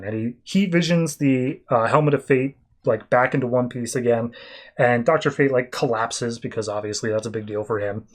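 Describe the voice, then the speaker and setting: A man's voice: mid-range voice, moderate pace. A man hosting a podcast, retelling a comic story in a loose, chatty way with lots of fillers. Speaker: podcast host. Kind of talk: casual podcast comic recap.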